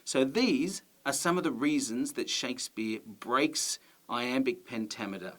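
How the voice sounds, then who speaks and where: A man teaching students, explaining patiently and clearly and reading quoted lines aloud. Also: mid-range voice, measured pace, a bit bright. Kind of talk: educational explainer.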